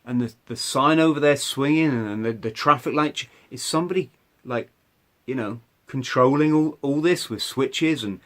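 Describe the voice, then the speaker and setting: Male podcast host, mid-pitched, chatty storytelling monologue, self-interrupting. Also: moderate pace. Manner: conversational, many restarts and "right?" asides.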